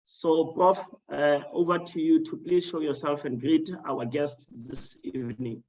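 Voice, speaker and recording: A man moderates an online panel over a video call, speaking in a measured, formal way. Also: fairly high pitch, steady tone, darkish tone, poor audio.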